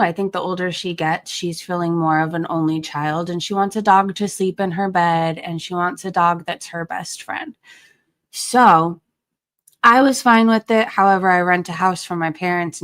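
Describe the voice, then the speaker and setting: A woman's voice: fairly low pitch, fairly bright tone, no echo, clean studio sound. A middle-aged woman chatting casually from home as a livestream host, greeting viewers by name. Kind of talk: casual chat.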